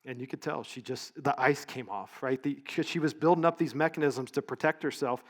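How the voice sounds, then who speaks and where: A middle-aged man speaking at a leadership event and telling stories in a relaxed, conversational way, sometimes catching and correcting his own words. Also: medium pitch, a little fast. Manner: conversational, story-driven, with small self-corrections. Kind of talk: storytelling keynote talk. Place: event stage.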